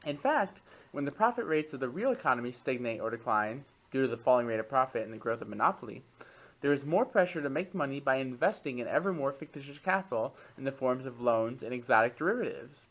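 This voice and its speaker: A man's voice: mid-range voice, animated, fast talker, a bit bright, poor audio. Male reader in a discussion group, mid-range voice, reads steadily and then drops into loose, thinking-aloud commentary. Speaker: reading group member. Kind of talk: reading aloud and discussing a text.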